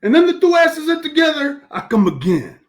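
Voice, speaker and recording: A man's voice: very high voice, wildly swooping pitch, a little fast, voice pushed up, heavily acted. A man voicing a chatty, crude Italian man in a joke, speaking broken English with a mock Italian accent. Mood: boastful.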